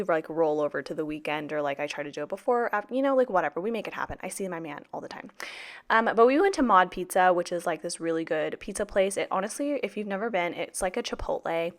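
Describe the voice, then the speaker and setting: A young woman in her twenties talks through her planner in a loose, rambling vlog style. Her voice sits a bit low for a woman. She is sassy and profane, with plenty of fillers. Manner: chatty, sassy, swears freely, many fillers. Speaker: teacher, planner vlogger. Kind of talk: casual planner vlog chat.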